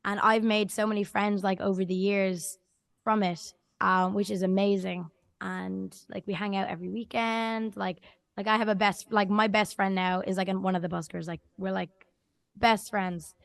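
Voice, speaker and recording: A woman's voice: mid-range voice, fairly even intonation, moderate pace, creaky, dry recording. A young woman with an Irish accent, a singer talking casually in an interview, chatty and full of "like". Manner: chatty, fills with "like" a lot. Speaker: singer-songwriter guest.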